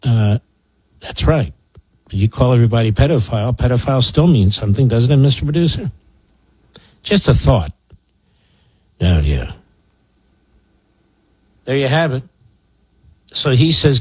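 A man's voice: mid-range voice, animated, moderate pace, pauses often, darkish tone, breathy edge, no room sound, poor audio. A man in his sixties from the Philadelphia area, hosting political talk radio in a sarcastic, mocking, emphatic way. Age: 60s. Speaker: radio talk show host.

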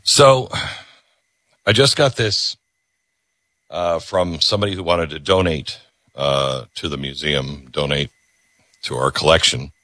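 Talk radio guy ranting, sarcastic, husky voice, dry studio sound. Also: very deep voice, a little slow, pauses often, bright, forceful tone, no room sound. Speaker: radio show host.

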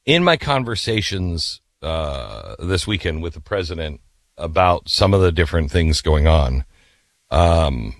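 A man hosting a talk radio show, chatting in a halting, emphatic way, pausing with ums and sighs. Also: deep voice, sing-song, no echo. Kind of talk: conversational talk radio with live ad read.

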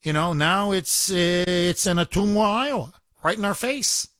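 Male call-in show host, animated ranter, tenor-ish, dry studio. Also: high voice, measured pace, dry recording. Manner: indignant, animated, repeats himself. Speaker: radio talk show host. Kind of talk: call-in radio talk.

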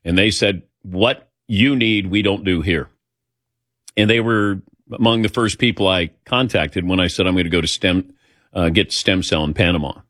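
A man's voice: sits low, moderate pace, fairly bright tone, dry recording, studio quality. A middle-aged man hosting a talk show, telling a personal story in a rambling, anecdotal way and acting out the dialogue.

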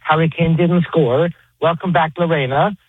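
Husky joking caller on a phone line. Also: male voice, fairly high pitch, fairly even intonation, normal speed, dry recording. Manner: chatty, joking. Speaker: regular radio caller. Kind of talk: phone-in chat.

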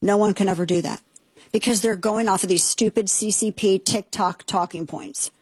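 A middle-aged woman hosting a political talk radio show, sarcastic and indignant in rapid-fire bursts. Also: medium pitch, steady tone, darkish tone, slightly rough, no room sound.

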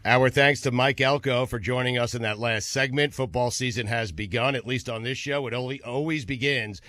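A man co-hosting sports talk radio from a studio, wry and self-deprecating as he banters with his colleagues. His voice is bright and forceful, close on a dry studio mic. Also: medium pitch, steady tone, moderate pace, no room sound. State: coughing, choked up. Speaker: radio show co-host. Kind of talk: casual sports radio chat. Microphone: studio microphone.

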